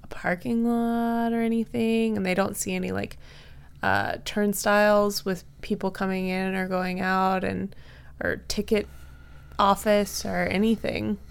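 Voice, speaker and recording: A woman's voice: medium pitch, level tone, measured pace, vocal fry, clear, resonant tone. A woman co-hosting a podcast, casually improvising a story with lots of fillers. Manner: casual, chatty, many fillers.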